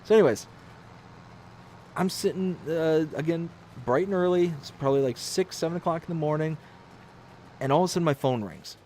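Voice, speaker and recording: A man's voice: a little high, fairly quick, long pauses, a little mellow, slight background noise. A man hosting a livestream, telling rambling stories and reading viewer comments aloud in a casual way. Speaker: livestream host.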